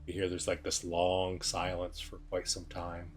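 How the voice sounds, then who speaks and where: A man's voice: low voice, completely flat delivery, unhurried, hardly any pauses. A man narrating a tabletop game as game master, describing scenes in a loose, descriptive way.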